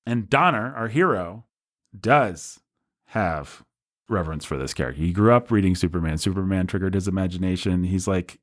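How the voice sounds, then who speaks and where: A man's voice: low voice, moderate pace, no room sound, studio quality. A man hosting a podcast, telling film history as a casual, enthusiastic storyteller. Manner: enthusiastic storyteller, breezy and conversational. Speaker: podcast host.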